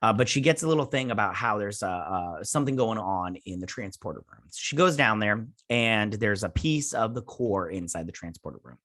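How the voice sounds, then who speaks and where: On the low side yet fairly bright, this man's expressive voice moves fairly quickly with few pauses, in a dry studio-quality recording. Hosting a review channel, he recaps an episode casually and loosely, hesitating and restarting with many fillers, with the occasional playful character voice.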